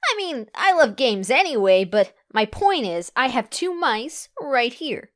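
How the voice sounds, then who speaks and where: A woman's voice: high-pitched, sing-song, a little slow, no echo, clean studio sound, pitched above the performer's own voice. A woman reading a fan audiobook and voicing a cocky young female pegasus pony who leads a vampire pack, brash and teasing. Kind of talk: audiobook character voice.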